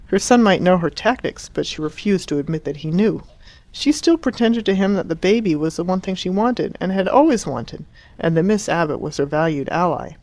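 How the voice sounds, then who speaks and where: A woman narrating an audiobook in a measured, expressive reading voice. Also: lowish voice, dry recording. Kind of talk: scripted narration.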